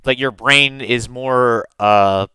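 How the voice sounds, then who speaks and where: An American man co-hosting a casual tabletop gaming podcast, talking in halting bursts with frequent restarts and laughs. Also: mid-range voice, bright, forceful tone, clear, resonant tone, no room sound, poor audio. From United States. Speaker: podcast co-host, game master.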